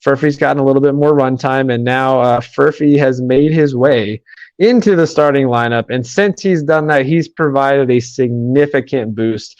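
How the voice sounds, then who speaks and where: A man hosting a sports podcast, talking quickly in run-on sentences with many fillers. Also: mid-range voice, darkish tone, no room sound, lo-fi sound. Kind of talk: casual sports podcast chat.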